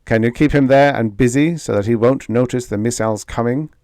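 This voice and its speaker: A man's voice: mid-range voice, a little fast, darkish tone, no echo, pitched above the performer's own voice, close to an everyday voice. A man doing a brusque male commander, clipped, commanding, dry close sound. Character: brusque male military commander over a radio panel.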